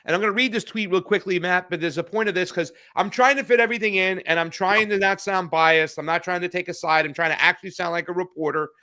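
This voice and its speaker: A man's voice: high voice, fairly even intonation, fast talker, hardly any pauses, pushed and bright. A man co-hosting a political news podcast, talking heatedly in casual chat, swearing and restarting his sentences. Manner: heated, profane, frequent restarts. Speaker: podcast co-host.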